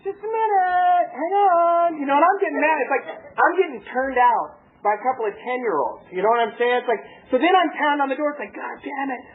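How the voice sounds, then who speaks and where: A man from Southern California gives a personal testimony as a speaker at a recovery meeting, telling it in an animated way and acting out the voices he quotes. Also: extremely high pitch, fast talker, few pauses. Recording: tinny lo-fi tape with faint hiss.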